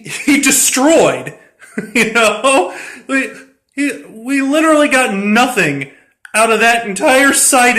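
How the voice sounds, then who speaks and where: Man, high voice, slow unhurried delivery, bright tone, rambling profane story, laughing along. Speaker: tabletop game player recounting a session. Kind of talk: casual storytelling.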